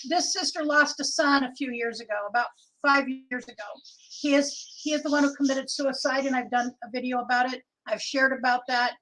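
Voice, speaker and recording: A woman's voice: high-pitched, a bit bright, poor audio. A middle-aged woman from Oregon hosting a casual livestream, chatting and reading viewer comments aloud. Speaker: livestream host.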